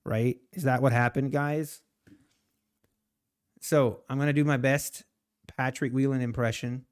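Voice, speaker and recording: A man's voice: medium pitch, steady tone, a little slow, pauses often, smooth. A man chatting casually on a live trading stream, rambling, laughing often and answering viewer comments. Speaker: live-streaming day trader.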